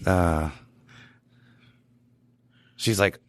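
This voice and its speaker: Low-voiced cop guy telling funny podcast stories, dry mic, lots of laughing. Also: drawn-out words, no room sound. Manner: laughing, animated anecdotes with quoted voices. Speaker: police officer telling stories. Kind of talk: casual podcast storytelling.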